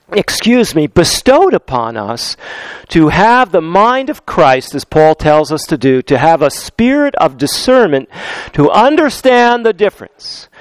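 A man preaching a sermon in a church, unhurried and talking straight to his congregation, repeating key phrases for emphasis. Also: high-pitched, dry recording. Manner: addresses congregation directly.

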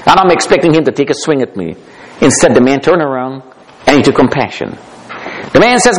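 A man telling his own survival story aloud, emphatic and dramatic, repeating phrases for effect and swinging from hushed to forceful. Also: mid-range voice, very animated, fairly quick, rough recording. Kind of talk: spoken personal testimony.

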